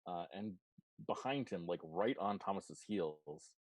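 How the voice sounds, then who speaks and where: Deep-voiced man narrating a tabletop game. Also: expressive, measured pace, a little mellow, dry recording. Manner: loose, filler-heavy narration. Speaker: game master.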